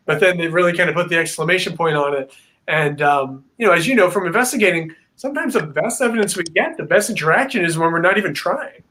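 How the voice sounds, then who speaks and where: Animated rambling man telling a story. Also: sits high, fast. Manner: rambling, filler-heavy, animated. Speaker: paranormal investigator guest. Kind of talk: casual storytelling interview.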